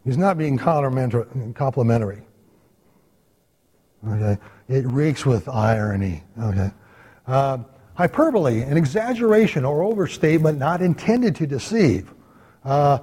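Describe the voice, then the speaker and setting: Bible study guy talking to the class, warm low-key voice, lots of hall echo. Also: sing-song, moderate pace, breathy edge. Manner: conversational, checks in with "okay?". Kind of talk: church Bible study lecture. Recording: long hall reverb.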